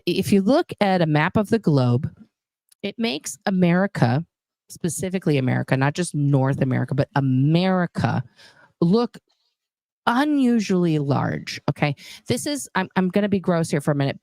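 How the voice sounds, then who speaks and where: Animated woman reading out chat comments. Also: lowish voice, normal speed, no echo. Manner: animated, reads viewer comments aloud. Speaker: guest. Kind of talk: casual livestream chat.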